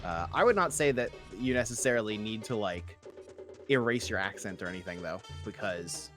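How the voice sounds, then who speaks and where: A young man chatting quickly on a stream, sprinkling in "like" and using a light radio voice. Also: fairly low pitch, expressive. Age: young adult. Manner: fast talker, many "like" fillers, light radio voice. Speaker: podcast co-host, guest streamer. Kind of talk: casual chat on a stream. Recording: music playing behind.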